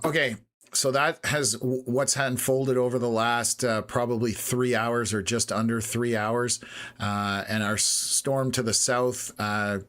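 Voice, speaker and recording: A man hosting a live storm-tracking stream, slightly hoarse and losing his voice, talking steadily with many pauses of "uh.". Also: medium pitch. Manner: steady, unhurried, lots of "uh" pauses. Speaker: weather stream host.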